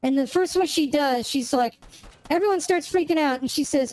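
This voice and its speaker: A woman's voice: high voice, moderate pace, a little mellow, poor audio. A woman streamer chatting casually while she plays, rambling and searching for words as she goes. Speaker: gaming streamer. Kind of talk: casual chat while playing a game.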